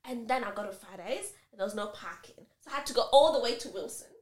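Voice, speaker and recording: A woman's voice: a little high, expressive, fast talker, echoey room. A woman co-hosting a podcast, telling a story with drama and swearing, acting out the people in it. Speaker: podcast co-host. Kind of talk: casual chat, animated storytelling.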